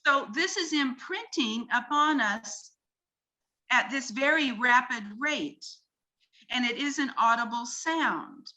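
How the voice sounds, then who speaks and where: Female guest, clear and slightly high, earnest and awed as she walks through slides. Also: lively intonation, slow pace, pushed and bright. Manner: earnest, wonder-filled explaining. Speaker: guest presenting her research. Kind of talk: explanatory talk-show conversation with slides.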